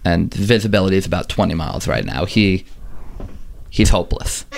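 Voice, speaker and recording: A man casually telling a dramatic story to a friend, relaxed with dramatic pauses and fillers. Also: deep voice, gravelly.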